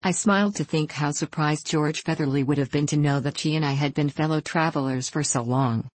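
A woman reads a classic adventure novel aloud in a measured storytelling manner. Her voice sits low, recorded dry and close with no room sound. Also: no room sound, poor audio. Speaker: audiobook narrator. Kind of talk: scripted narration of a classic novel.

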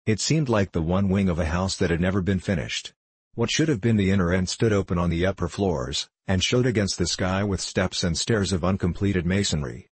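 A man reading a novel aloud as a steady, measured narrator. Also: sits low, slightly rough, no echo. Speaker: audiobook narrator. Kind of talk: scripted narration.

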